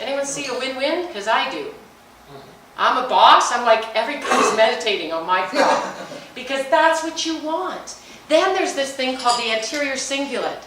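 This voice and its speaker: A woman's voice: sits high, a little hiss or hum. Chatty woman in an echoey hall. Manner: energetic, chatty, jokey and emphatic. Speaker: speaker at a business luncheon. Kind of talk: motivational talk on meditation. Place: large hall. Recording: echoey hall, mic at a distance.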